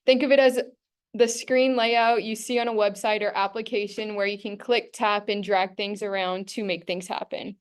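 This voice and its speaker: A woman's voice: medium pitch, fairly even intonation, moderate pace, smooth. A young woman student giving a casual classroom workshop presentation, chatty and full of fillers. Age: young adult.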